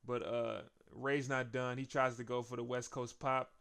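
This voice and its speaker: A man's voice: medium pitch, little pitch movement, normal speed, vocal fry, a bit bright, clean tone. A man casually recapping a wrestling show as host, chatty, laughing often.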